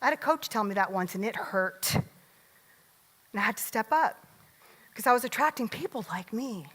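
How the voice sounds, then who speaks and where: Bright high-voiced woman speaking on stage. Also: normal speed. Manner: lively, joking, asks the audience questions. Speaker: motivational speaker. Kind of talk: motivational stage talk. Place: large event hall. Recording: long hall reverb.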